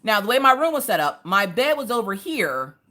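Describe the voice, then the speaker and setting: Lively woman chatting on a craft stream. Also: mid-range voice, fairly quick. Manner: lively storytelling, acting out family voices. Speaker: crafting livestream host. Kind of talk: casual chat while crafting.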